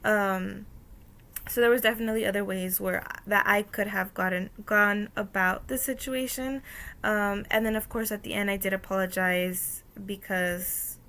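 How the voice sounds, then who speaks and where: A young woman talks through a story from her job in a relaxed, casual way, full of "um" and "like". Her mid-pitched voice has a gravelly, creaky edge. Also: moderate pace. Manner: many "um" fillers and "like", storytelling with quoted dialogue. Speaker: student presenting a course activity. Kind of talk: casual spoken reflection.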